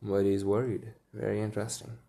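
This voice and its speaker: A man reading a children's story aloud, pausing to muse and comment on it. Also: on the low side, level tone, creaky, mellow. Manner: muses aloud between passages. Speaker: reader.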